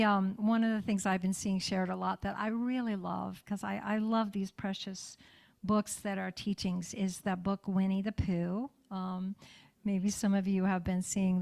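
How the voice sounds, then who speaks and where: A woman pastor giving a sermon in a church in a warm, conversational way, often checking in with her listeners. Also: mid-range voice, creaky.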